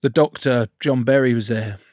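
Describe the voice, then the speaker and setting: A man's voice: medium pitch, normal speed, a little mellow, no echo, studio quality. A man, a podcast guest telling a personal story candidly, blunt, sweary and self-mocking.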